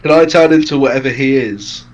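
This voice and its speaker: A man playing a tabletop game, joking excitably and swearing casually. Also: mid-range voice, fairly quick, muffled recording. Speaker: player.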